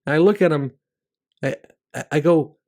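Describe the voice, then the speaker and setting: Animated middle-aged male comic storyteller. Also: normal speed. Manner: animated storyteller who jumps high in pitch for punchlines; conversational, with fillers and restarts. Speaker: stand-up comedian and show host. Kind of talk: storytelling monologue about comedy craft.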